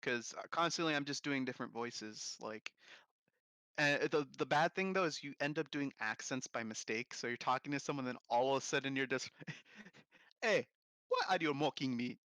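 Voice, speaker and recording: A man's voice: mid-range voice, brisk, pushed and bright, clean tone, dry recording, clean studio sound. A young man hosting a casual stream chat, rambling and jokey, with frequent laughter and crude humor. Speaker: streamer host.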